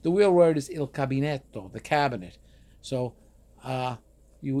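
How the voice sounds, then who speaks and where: A man's voice: medium pitch, expressive, a little slow, a little mellow. A middle-aged man from northern New Jersey with a New Jersey Italian-American accent, chatting casually in a rambling, streetwise way and swearing offhandedly. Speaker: vlogger. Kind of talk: casual monologue.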